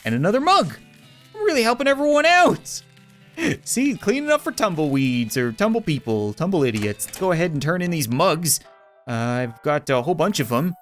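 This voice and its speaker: A man narrates his game playthrough in a casual, rambling way, full of quick jokes. His pitch jumps around animatedly, with faint music under the voice. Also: big pitch swings, fairly bright tone. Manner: rambling, jokey, quick asides. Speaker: gaming video host. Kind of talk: casual let's-play commentary.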